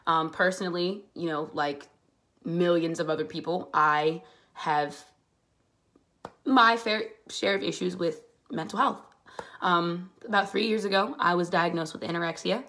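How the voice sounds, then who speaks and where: A woman in her twenties from the Pittsburgh area, speaking earnestly in a personal vlog, halting at first and growing more emphatic. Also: lowish voice, a bit bright. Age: 20s. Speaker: vlogger.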